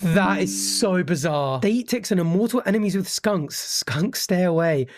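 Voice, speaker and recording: A man's voice: high voice, animated, normal speed. A man giving sarcastic commentary on clips, dropping dry quips. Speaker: video commentator. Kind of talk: scripted reaction commentary.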